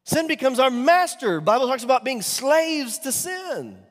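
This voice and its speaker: Impassioned male preacher with a lively, high voice. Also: moderate pace. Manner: preaching with big swings from loud emphatic peaks to soft, near-whispered lines; asks the congregation rhetorical questions. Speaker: pastor. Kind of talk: sermon. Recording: long hall reverb.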